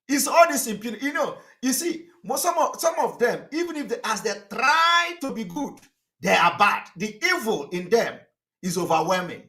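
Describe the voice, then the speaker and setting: High, lively man mocking critics. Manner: mocking, combative, laughing at critics. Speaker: activist broadcaster. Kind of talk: live political broadcast monologue.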